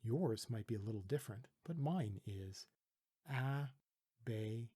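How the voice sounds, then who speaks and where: A Canadian man from Toronto calmly teaching letter sounds, patiently demonstrating pronunciation with a close mic. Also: on the low side, slightly rough. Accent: Canadian English. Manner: calm, patient, deliberate demonstrating. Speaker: language teacher. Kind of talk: pronunciation tutorial.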